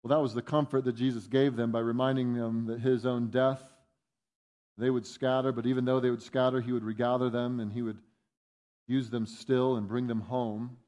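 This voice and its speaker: A man preaching a sermon, animated, jumping up in pitch to voice the disciples' protests and dropping soft for reflective points. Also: normal speed. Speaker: pastor.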